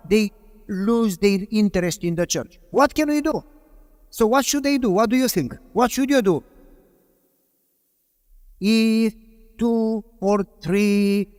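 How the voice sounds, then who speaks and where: A man preaching a sermon as a pastor, telling a story and asking the audience rhetorical questions with emphasis. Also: high-pitched. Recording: long hall reverb.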